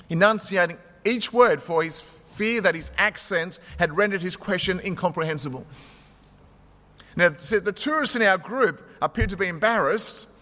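Male pastor, fairly high voice, conversational sermon in a church with a long echo. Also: fairly bright tone. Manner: conversational preaching, retells stories with quotes.

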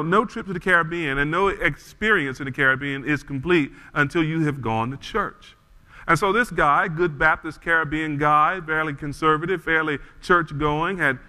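A man preaching a sermon, telling a story in an animated way before he reads scripture and leads a prayer. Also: fairly high pitch, in a large hall. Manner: animated storyteller, frequent restarts. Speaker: pastor.

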